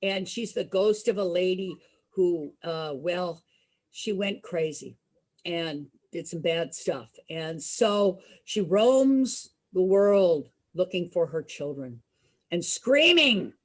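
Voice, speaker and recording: Casting note: female storyteller, husky, swooping pitch, slow and dramatic, quizzes the audience. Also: animated. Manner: dramatic, asks the audience questions. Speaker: children's entertainer and storyteller.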